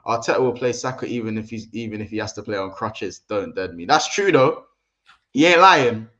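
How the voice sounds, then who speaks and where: A man's voice: lowish voice, expressive, a little fast, fairly bright tone, muffled recording. Slangy man hosting a stream. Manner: chatty, slangy, addresses the chat directly. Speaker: livestream host. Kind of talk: casual football livestream chat.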